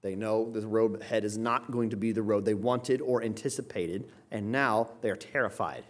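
A man preaching an expository sermon, explaining as he goes and often checking in with "right?", his voice building to loud, emphatic passages. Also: lowish voice, moderate pace.

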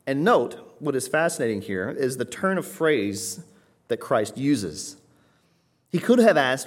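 A man delivers a teaching sermon in an emphatic, explanatory way. His pitch and loudness swing up and down to stress points, and he keeps checking in with the congregation. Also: big pitch swings, normal speed. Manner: teacherly, frequent "right?" asides. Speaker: pastor. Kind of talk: expository sermon.

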